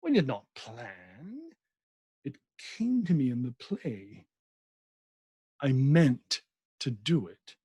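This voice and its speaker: Male reader doing a soft-spoken, melancholy woman from a classic novel, cooing and unhurried, lifted higher than his own dark, husky voice. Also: wildly swooping pitch, dry recording, heavily acted. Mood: cool, cooing. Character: calm cooing French actress, melancholy woman.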